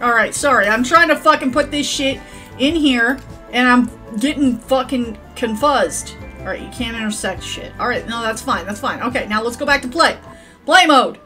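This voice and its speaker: A woman's voice: on the high side, normal speed, bright, forceful tone, soft background music. A woman giving casual, rambling gameplay commentary, swearing freely as she plays. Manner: profane, rambling, chatty. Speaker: gaming channel host.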